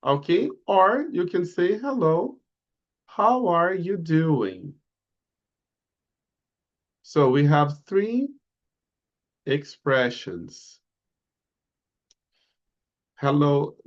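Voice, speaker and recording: A man teaching an introductory class, drawing out model phrases slowly for students to repeat, on slightly muffled audio. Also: on the high side, very animated. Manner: slow, drawn-out model phrases for repetition. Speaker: English teacher. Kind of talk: online English lesson.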